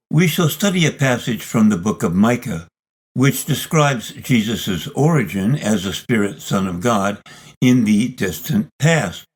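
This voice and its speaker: A man reading a scripted lesson narration in a measured, deliberate, argumentative way. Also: medium pitch, a little mellow, slightly rough, rough recording. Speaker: video series narrator.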